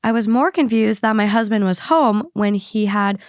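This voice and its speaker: Woman, young adult, podcast host, chatty, reads stories aloud, mid pitch. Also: normal speed, no echo, studio quality. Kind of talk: casual podcast chat and story reading.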